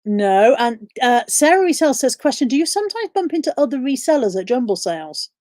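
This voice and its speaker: A woman's voice: sits high, very animated, brisk, darkish tone, no echo, studio quality. Chatty woman reading viewer questions. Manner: reads viewer questions aloud and answers them. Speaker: live stream host. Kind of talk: casual live-stream chat.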